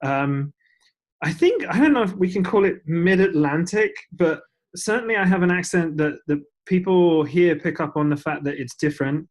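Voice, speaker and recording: Man, English accent, higher pitch, chatty, self-deprecating, podcast guest. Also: expressive, moderate pace. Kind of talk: casual interview chat.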